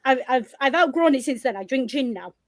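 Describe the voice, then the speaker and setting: Yorkshire woman chatting on a podcast, high voice, dry close sound, laughs a lot, swears. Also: fairly quick, no echo. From Northern England. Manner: lively, laughing, blunt, swears freely. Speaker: podcast co-host. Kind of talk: casual chat.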